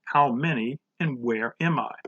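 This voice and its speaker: A man's voice: unhurried, a bit bright, breathy edge, muffled recording. A man voicing a stern, short-tempered female schoolteacher who scolds in a raised, mocking voice. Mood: scolding. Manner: snapping, mocking, high-pitched scolding.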